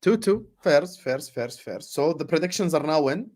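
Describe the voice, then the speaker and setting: A man hosting a casual football podcast, relaxed and chatty, dropping in Arabic phrases. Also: a little high, normal speed. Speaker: podcast host.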